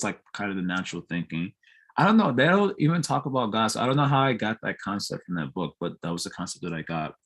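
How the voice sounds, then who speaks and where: A man's voice: fairly low pitch, pushed and bright. Casual, chuckling man teaching a class. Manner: explains with homely comparisons, often checks understanding with questions; laughs easily while telling stories. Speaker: teacher giving a morning scripture class. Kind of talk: scripture class. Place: temple.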